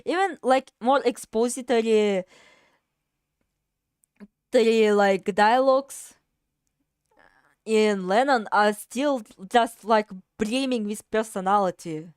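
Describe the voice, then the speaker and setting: Casual game streamer, woman, rambling and foul-mouthed, unhurried, dry close sound. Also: fairly high pitch, darkish tone, smooth, no room sound. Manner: rambling, swears freely, many fillers.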